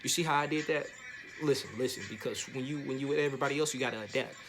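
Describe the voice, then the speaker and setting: A man vlogging a casual motivational monologue, slangy and repetitive, sometimes jumping up into a higher, animated voice. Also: very fast, music in the background.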